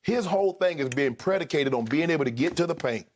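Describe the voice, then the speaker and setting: A man's voice: fairly high pitch, lively intonation, quick pace, darkish tone. A man co-hosting a sports debate show, arguing emphatically and repeating his points.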